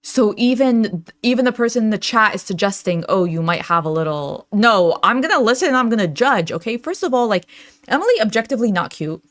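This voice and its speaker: A woman's voice: a little high, animated, brisk, no room sound, clean studio sound. A young adult woman hosting a reaction channel, talking casually with lots of fillers and frequent laughs as she reads out chat messages.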